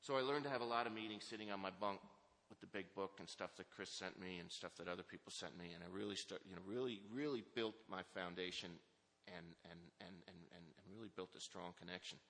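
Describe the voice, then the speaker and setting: A middle-aged man gives a candid recovery testimony to an audience, his voice sitting a little low. He speaks with a forceful, tense edge and often restarts his sentences. The sound rings out with a long reverb from a large hall. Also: fast talker, hardly any pauses. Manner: candid, earnest, many restarts.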